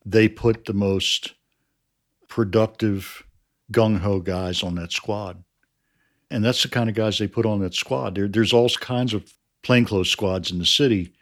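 Low-voiced man explaining in measured tones. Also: steady tone. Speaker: writer of a crime series. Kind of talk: interview answers.

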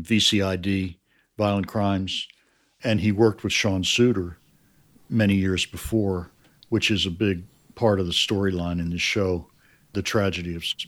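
A man who helped make a crime series, answering interview questions in a measured, explanatory way that often trails off quietly. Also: deep voice, fairly even intonation.

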